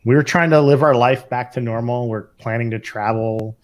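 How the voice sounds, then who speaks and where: A man's voice: mid-range voice, steady tone, normal speed. Middle-aged male physician co-host; casual, thoughtful delivery with frequent fillers and restarts. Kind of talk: casual podcast chat.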